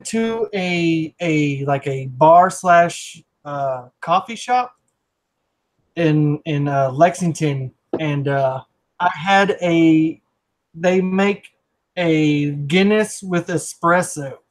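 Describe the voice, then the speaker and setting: Male co-host, enthusiastic and rambling, fairly high-pitched casual talker. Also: drawn-out words, rough recording. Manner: rambling and enthusiastic, lots of fillers and restarts. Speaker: podcast co-host. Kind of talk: casual chat.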